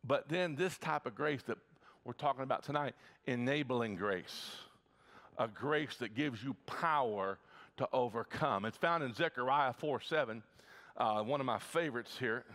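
A pastor from the Midwest preaching a sermon in his church, energetic, with frequent stammered restarts. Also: medium pitch, normal speed. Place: church sanctuary.

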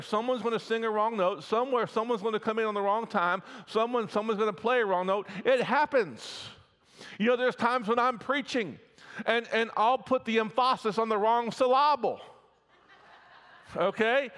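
High-voiced pastor in a reverberant church. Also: male voice, a bit bright. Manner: folksy, checks in with the crowd often. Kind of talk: sermon. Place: church sanctuary. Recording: long reverb of a church hall.

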